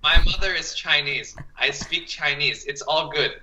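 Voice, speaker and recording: A man's voice: on the high side, unhurried, rough recording. A man chatting casually on a podcast, often repeating his words. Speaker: podcast co-host. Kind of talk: casual chat.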